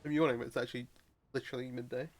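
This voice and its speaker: A man's voice: mid-range voice, flat delivery, very fast. Man muttering through card game play. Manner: thinking aloud, mumbling, frequent restarts. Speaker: streamer playing a card game. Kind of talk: casual gameplay commentary.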